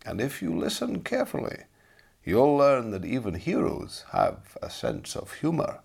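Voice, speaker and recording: A man's voice: mid-range voice, wildly swooping pitch, unhurried, vocal fry, darkish tone, slightly rough, pitched above the performer's own voice, full character voice. A man voicing a kindly old storyteller. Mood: gentle. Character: kindly older male storyteller teacher.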